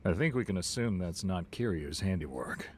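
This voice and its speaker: An actor playing a serious middle-aged male crime-family lieutenant in a video game, calm and measured. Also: low voice. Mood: grave. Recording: game audio with faint noise.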